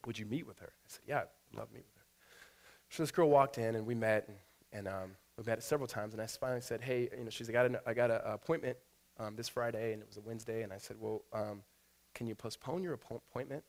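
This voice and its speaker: A man's voice: mid-range voice, quick pace. A middle-aged man, a pastor, preaching a sermon in a church, telling a personal story with many fillers and restarts, then leading a prayer. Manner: animated storyteller with fillers and restarts, rising to loud excitement.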